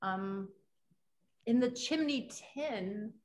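A woman's voice: fairly high pitch, animated, drawn-out words. A woman in casual chat, teasing her friends and explaining slang words. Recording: echoey room.

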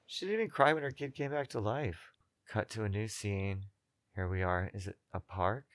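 A woman's voice: a bass voice, moderate pace. A woman co-hosting a podcast, chatting casually and wryly as she comments on a film, laughing often. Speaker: podcast co-host. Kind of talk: casual movie commentary chat.

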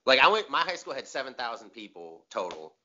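A man's voice: medium pitch, a little fast. A young man, chatting casually and profanely as a comedian co-host, slipping into mocking voices. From Metro Detroit area. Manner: profane, animated, mocks locals in exaggerated voices. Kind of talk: casual chat. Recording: lo-fi dull audio.

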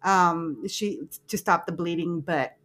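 A woman's voice: on the low side, takes it slowly, fairly bright tone. A woman co-hosting a podcast, recapping a movie in casual, profane chat with frequent giggling. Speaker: podcast co-host.

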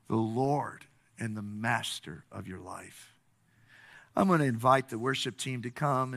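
A man's voice: mid-range voice, a bit bright. A pastor preaching a sermon, telling stories and building to earnest, impassioned appeals to his congregation.

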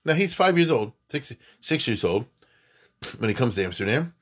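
A man teaching Jewish history in a lively, emphatic classroom talk, full of asides and restarts. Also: mid-range voice, moderate pace. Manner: animated, emphatic, conversational with many asides and restarts.

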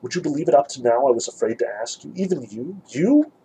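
A man's voice: mid-range voice, lively intonation, fast, warm tone, a little hiss or hum, natural voice, poor audio. A man reading the lines of a desperate accused young man who pleads frantically for the truth. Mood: relieved urgent. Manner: pleading, urgent bursts.

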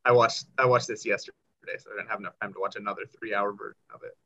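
A man's voice: on the low side, steady tone, very fast, pushed and bright. A man on a casual film podcast, sharing his opinion hesitantly with lots of fillers. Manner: hesitant, rambling, many fillers. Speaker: podcast co-host. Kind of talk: casual chat. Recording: dull lo-fi mic.

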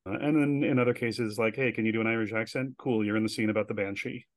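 A man guest telling stories in a casual interview, chatty and animated, with many filler words. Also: lowish voice, fast talker, dry recording. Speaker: guest, director and writer.

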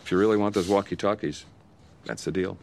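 A firm, gravelly TV dad. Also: male voice, sits low, fast, a little hiss or hum. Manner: calm, matter-of-fact bargaining. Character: patient middle-aged TV dad, firm and fair. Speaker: father. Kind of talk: TV drama acting.

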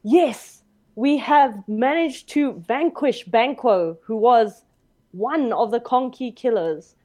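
High-voiced woman in a tabletop game. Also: slow, dark tone. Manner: formal in-character speech. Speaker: player. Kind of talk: casual tabletop play.

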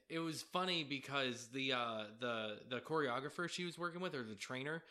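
Male co-host, bright tone, laid-back and hesitant with lots of ums. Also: mid-range voice, normal speed. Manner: relaxed, hesitant, many fillers. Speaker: podcast co-host. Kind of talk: casual reality-TV recap chat.

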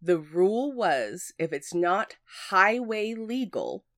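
A woman's voice: mid-range voice, sing-song, slow, no room sound, clean studio sound. A woman co-hosting a podcast who chats easily, laughs often and tells stories about her own experiences. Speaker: podcast co-host. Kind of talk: casual podcast chat.

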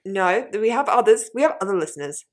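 Animated, laughing woman podcast co-host. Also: medium pitch, fast talker. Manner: animated, laughs easily, playfully indignant. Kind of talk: casual chat.

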